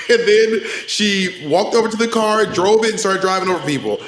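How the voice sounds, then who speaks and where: A Southern man in casual conversation, talking in an animated, joking way. His voice sits a little high for a man. The sound is roomy, with a faint hiss underneath. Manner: animated, quick to joke and tease. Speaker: podcast co-host. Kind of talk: casual chat.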